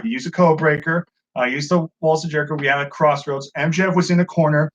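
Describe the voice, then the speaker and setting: A high-pitched man talks wrestling in a loose, foul-mouthed review, getting worked up and playing out the wrestlers' lines himself. The recording is a little dull and lo-fi. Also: fast, few pauses. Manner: excitable, swears a lot, acts out quotes. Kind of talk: casual profane commentary. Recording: dull lo-fi sound.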